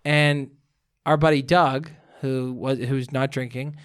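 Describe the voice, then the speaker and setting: A man's voice: medium pitch, fairly even intonation, slow pace, smooth. A man chatting as a podcast guest, animatedly telling stories and acting out his friends' lines. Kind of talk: casual storytelling chat.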